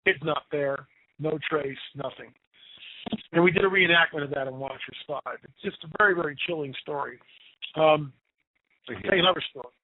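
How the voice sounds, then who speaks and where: A man telling spooky stories in a casual, animated way on talk radio, often repeating himself for effect. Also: fairly high pitch, normal speed, pauses often, no room sound. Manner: animated, tells spooky stories with emphatic repetition. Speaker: radio guest storyteller. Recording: tinny phone line, dry.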